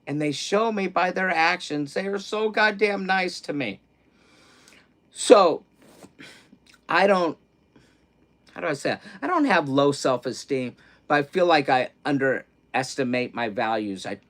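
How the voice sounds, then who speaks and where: A middle-aged man hosting a casual livestream, rambling and candid, repeating words and swinging from hushed, grieving talk to loud excitement. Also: fairly high pitch, measured pace, pauses often. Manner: self-interrupting, repeats words. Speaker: livestream host.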